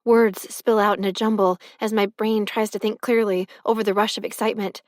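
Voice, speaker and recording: A woman reading a first-person novel as an audiobook narrator, expressive and close to the mic. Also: mid-range voice, brisk, no echo.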